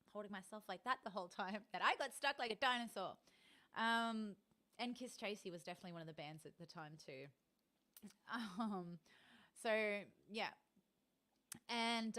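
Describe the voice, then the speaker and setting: A woman with an Australian accent talks through a loose, meandering live-stream chat. She fills gaps with ums and laughs easily, her voice sitting at an ordinary mid pitch. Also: pushed and bright. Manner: chatty and rambling, many ums, laughs often.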